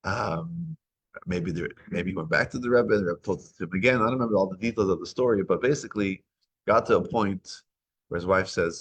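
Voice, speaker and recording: A man's voice: on the low side, expressive, a little fast, husky. A man teaching a weekly Torah class, retelling a story and acting out its dialogue. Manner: acts out dialogue in retold stories.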